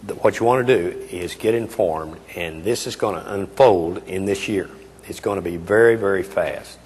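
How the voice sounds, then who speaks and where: Giving a keynote in a reverberant hall with faint background noise, an eighty-something man speaks at normal speed in a low, darkish voice. He's emphatic and folksy, hesitating often.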